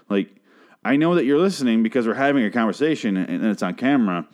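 A man's voice: medium pitch, animated, quick pace, darkish tone, dull audio. A young man reviewing a TV episode in a profane, exasperated, rambling solo rant into a close mic. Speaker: TV show reviewer. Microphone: close podcast mic.

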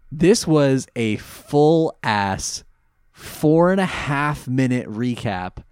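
A man co-hosting a casual recap podcast, his pitch bouncing all over as he jokes and rushes through asides. The sound is dry and close, with no room around it. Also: clear, resonant tone, no echo. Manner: animated, jokey, bursts into quick asides and silly voices. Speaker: podcast co-host. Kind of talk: casual episode recap chat.

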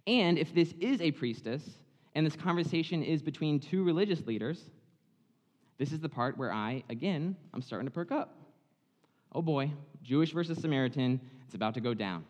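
A man preaching in a chatty, animated way, dramatizing the story as he goes. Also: a little high, moderate pace, long reverb tail. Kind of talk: sermon, conversational Bible storytelling.

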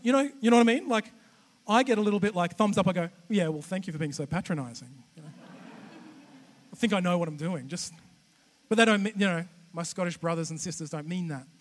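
A man with an Australian accent giving a humorous, chatty sermon as a guest preacher, animated and self-deprecating with many restarts. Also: high voice, fast talker. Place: church auditorium. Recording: long church hall reverb.

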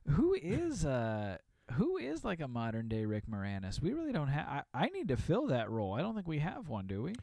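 A man co-hosting a podcast in casual chat, playful and quick-witted, often laughing. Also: a little high, huge pitch swings, creaky, a little mellow, no room sound.

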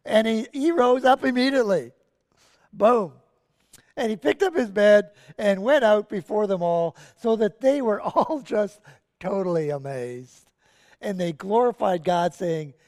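Animated preacher with a lively pitch. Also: in a large hall. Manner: animated storytelling with casual asides. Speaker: pastor. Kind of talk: sermon. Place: church sanctuary.

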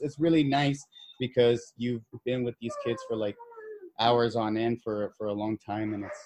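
A man's voice: mid-range voice, darkish tone, no echo. Laughing man telling a teacher story. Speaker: middle school teacher. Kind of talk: casual chat.

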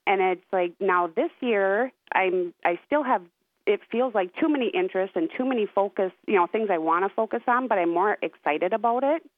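A woman's voice: mid-range voice, lively intonation, normal speed, slight background noise. A woman calling in to a radio show by telephone, talking in an eager, slightly flustered way. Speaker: caller. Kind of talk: call-in radio chat. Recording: tinny telephone line.

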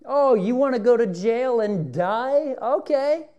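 A man's voice: very high-pitched, lively intonation, slow pace, mellow, highs cut off, pitched above the performer's own voice, full character voice. A man voicing a sly, taunting male devil who mocks and sneers with teasing questions. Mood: mocking.

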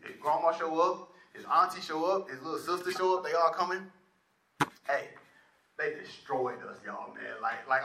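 A man tells a personal testimony to a live audience in a lively, slangy, conversational way, often turning to the crowd. His voice sits a little high and sounds bright and forceful. The room is echoey, with a faint hiss underneath. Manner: animated, conversational, slangy, addresses the crowd as y'all. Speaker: speaker sharing a personal testimony.

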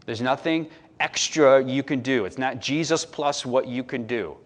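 A man preaching as a pastor, casual and conversational, moving between soft asides and loud, emphatic points. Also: mid-range voice, measured pace. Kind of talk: sermon.

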